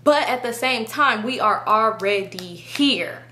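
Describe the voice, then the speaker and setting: A young woman tells her viewers a story in a casual, animated way, packed with slang and swearing. Her voice sits high for a woman. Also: takes it slowly, slight background noise. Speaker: storytime vlogger.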